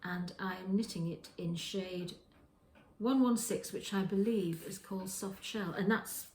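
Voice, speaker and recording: A woman's voice: mid-range voice, a little slow, darkish tone, reverberant, a little hiss or hum, rough recording. A woman hosting a knitting podcast from her kitchen, chatting casually in a rambling way with many restarts. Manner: rambling, with frequent restarts and self-corrections. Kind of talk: casual show-and-tell chat. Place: home kitchen.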